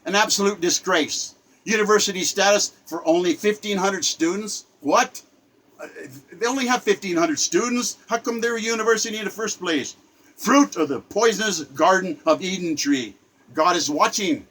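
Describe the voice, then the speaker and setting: A man's voice: high-pitched, normal speed, a bit bright, low-quality recording. Indignant older man ranting. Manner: indignant, repetitive, stammering restarts. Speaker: self-styled poet giving a spoken commentary. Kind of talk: impassioned spoken rant.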